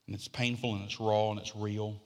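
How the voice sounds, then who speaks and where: A middle-aged man preaching a sermon as pastor, building to emphatic repeated lines, then easing into quiet, conversational teaching. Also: on the low side, flat delivery, a little fast, in a large hall.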